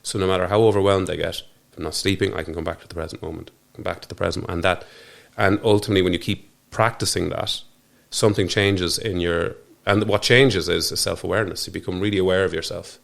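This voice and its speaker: Talking fast with few pauses, an Irish podcast guest reflects earnestly in a studio interview. His low, steady voice has vocal fry and a fairly bright tone, and he tends to restart sentences or let them trail off.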